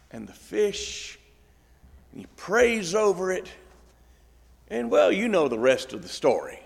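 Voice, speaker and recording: A man's voice: high-pitched, gravelly. A middle-aged man preaching a sermon, telling the story in a folksy way with acted asides. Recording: long reverb in a large hall.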